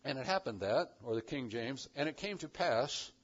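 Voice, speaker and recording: A man preaching a sermon as pastor, swinging between loud emphatic lines and hushed ones. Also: medium pitch, expressive, moderate pace, dull audio.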